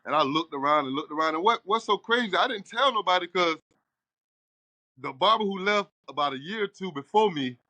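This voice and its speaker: A middle-aged barbershop owner tells a long story in a casual storytelling interview, animatedly acting out the quoted dialogue. His voice is high and a little fast. There is no echo.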